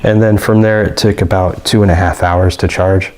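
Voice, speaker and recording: A man's voice: low voice, steady tone, normal speed, a little mellow. A man giving a casual, rambling product review with many fillers and restarts. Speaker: gear reviewer.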